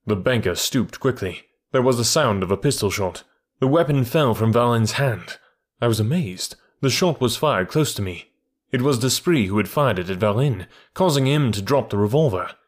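A man narrating an audiobook classic in a steady, even storytelling manner. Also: fairly low pitch.

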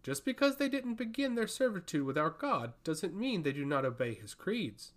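A man voicing a haughty woman, a forest priestess who speaks in a cold, measured and stern way. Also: high-pitched, sing-song. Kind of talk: audiobook fantasy reading.

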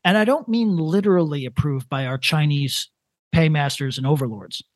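A man in his thirties co-hosting a casual comedic podcast, rambling in a deadpan way with lots of restarts. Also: a little high, moderate pace, no room sound. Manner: rambling, deadpan, building to a prank. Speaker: podcast co-host.

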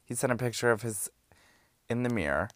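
A young man hosting a podcast, reading out messages in a low-key, dry deadpan with sassy asides. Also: a little fast, no room sound. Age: young adult. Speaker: podcast host. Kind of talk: candid reading of hookup-app messages.

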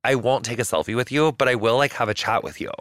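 A man's voice: medium pitch, fast, fairly bright tone, dry recording, clean studio sound. A man chatting as a podcast guest, telling rambling stories full of fillers and swearing. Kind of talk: casual chat.

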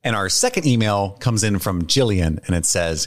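A man with a lowish, expressive voice talks at a moderate pace with hardly any pauses, on a dry recording. He's a podcast co-host casually reading out listener emails, easygoing and profane, yet sincere and earnest when speaking from the heart.

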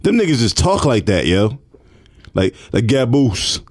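A man's voice: medium pitch, very animated, a little slow, a little mellow, dry recording, studio quality. A man from New York, a guest recording artist, telling stories in a casual podcast chat, laughing often and acting out the quotes. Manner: laughing storyteller, acts out quotes. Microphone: studio mic.

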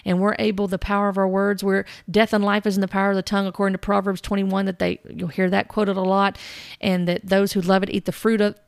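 Gravelly-voiced woman critiquing church teaching. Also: medium pitch, no echo, clean studio sound. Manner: thoughtful, measured, reads scripture aloud. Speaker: podcast host.

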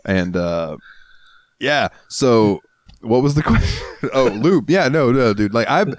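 A man's voice: mid-range voice, expressive, slow pace, dry recording, clean studio sound. A man co-hosting a podcast, chatting casually in a rambling, crude, laughing way. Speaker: podcast co-host. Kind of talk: casual chat.

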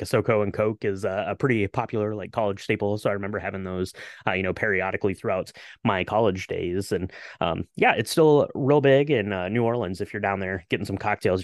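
A man with a lowish voice co-hosting a casual podcast, talking easily and loosely with plenty of "uh" and "you know". The sound is dry and close, with no room around it. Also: no room sound. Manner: relaxed, filler-heavy, explains things. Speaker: podcast co-host. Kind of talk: casual chat.

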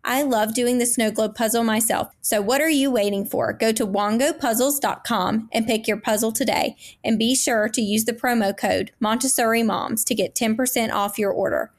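A woman's voice: on the high side, normal speed, few pauses. Upbeat woman reading a sponsor ad. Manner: enthusiastic, selling. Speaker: ad reader.

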